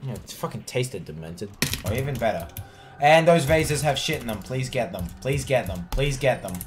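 A man playing a video game with a friend, swearing, teasing him and yelling at the screen in casual commentary. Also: medium pitch, lively intonation, normal speed, a little hiss or hum. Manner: teasing his co-player. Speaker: let's play gamer.

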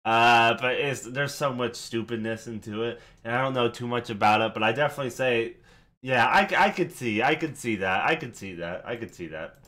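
Male reaction host, casual and excitable, breaks down lines as he hypes them. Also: mid-range voice, brisk. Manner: excitable, swearing, hyping up lines.

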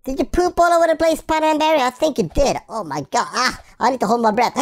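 A woman voicing a hyper, silly young female puppy while playing a video game, excitable and goofy, jumping between squeals and low mutters. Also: fast, natural voice. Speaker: gameplay commentator. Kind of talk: playful in-character game commentary.

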